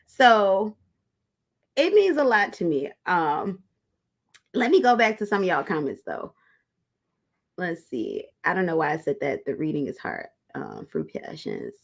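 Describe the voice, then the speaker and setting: A woman's voice: lowish voice, wildly swooping pitch, unhurried, gravelly, pauses often. A woman hosting a tarot livestream, chatting casually with her viewers and calling them y'all. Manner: chatty, talks straight to viewers as y'all, reads comments aloud.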